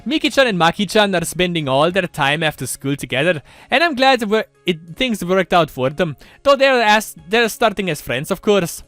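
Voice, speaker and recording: A man's voice: high voice, big pitch swings, normal speed, hardly any pauses, a bit bright, no room sound, soft background music. Man doing a gossipy ghost girl with a put-on Irish-Scottish lilt. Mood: chatty. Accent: put-on Irish-Scottish mix. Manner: chatty, gossiping. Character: gossipy schoolgirl spirit.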